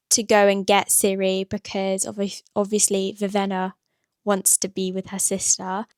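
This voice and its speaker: A woman vlogging her reactions to a novel, chatty and excitable, gasping and exclaiming, full of "like" and "what the hell". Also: medium pitch, no echo, clean studio sound. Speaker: book vlogger. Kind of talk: casual reading-reaction vlog.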